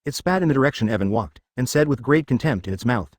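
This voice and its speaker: A man reading a fantasy web novel as scripted audiobook narration, in a rapid, lively storytelling manner. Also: medium pitch, no echo, clean studio sound.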